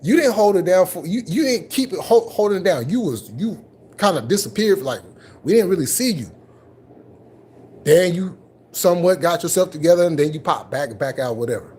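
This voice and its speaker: Husky, animated man ranting on a livestream. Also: sits high, normal speed. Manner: confrontational, repetitive, mocking. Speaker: livestream host. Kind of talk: live stream commentary rant.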